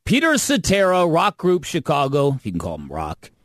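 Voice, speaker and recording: A man's voice: a little high, wildly swooping pitch, moderate pace, over loud music. A man on sports radio, playing along in a quiz with wry, confident quips. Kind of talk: casual radio banter.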